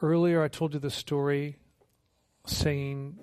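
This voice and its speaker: Animated, joking man preaching a sermon. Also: fairly high pitch, a little slow. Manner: conversational, humorous, animated storytelling with acted quotes. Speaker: missionary preacher.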